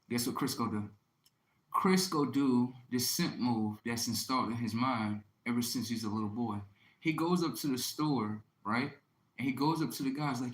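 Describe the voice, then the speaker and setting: A brash man in his thirties tells a crude story in a profane, rambling monologue. He keeps asking "right?" as he goes. His voice sits at an ordinary pitch, and the room around him echoes. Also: unhurried, sharp tone.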